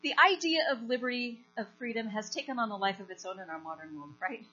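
A woman delivers a sermon, moving between a story and questions to her listeners. Her voice sits fairly high and comes across bright and forceful. The recording is dull and lo-fi, with a steady mains hum underneath. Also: quick pace. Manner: animated storytelling, asks the congregation questions. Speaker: preacher.

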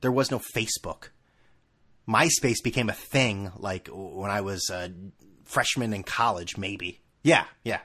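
A man in his thirties hosts a solo podcast from a room at home, his voice lowish, sharp and a little slow. He rants in a profane, sarcastic, heated way, restarting his sentences often.

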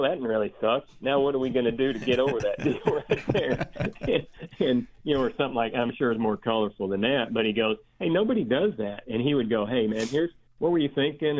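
An older man with a drawl calls in as a guest, chatting about family and baseball. He rambles, restarting sentences and filling gaps with "uh" and "you know." His voice comes through a thin, tinny phone line at a middling pitch. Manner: rambling, halting, many restarts and fillers. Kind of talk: casual phone interview.

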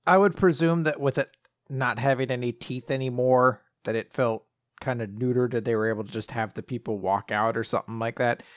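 A man of middle pitch chats casually as a podcast co-host, speculating and enthusing with some casual swearing. His voice sounds dry and close, with no room echo. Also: steady tone, brisk. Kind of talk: casual chat.

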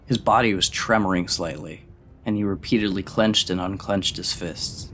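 A man reading a novel aloud in a steady, even narrating voice. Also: low voice, moderate pace, over music. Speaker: audiobook reader.

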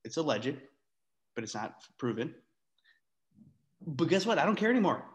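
A man co-hosting a casual sports podcast, ranting in an animated, exasperated way, with sarcastic asides and free swearing. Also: on the high side, normal speed. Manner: swears freely. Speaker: podcast co-host.

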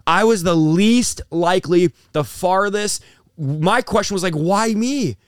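Young pastor, male, raised voice, smooth and resonant, dry close mic; passionate testimony-teller. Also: sits high, measured pace, no echo. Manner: intense, storytelling with acted-out quotes. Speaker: pastor and guest. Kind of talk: emotional testimony in an interview.

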